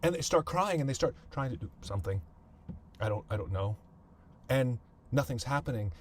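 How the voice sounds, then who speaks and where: Halting man telling a family story. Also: mid-range voice, animated, slight background noise. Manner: halting, repeats words, thinks aloud. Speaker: podcast host.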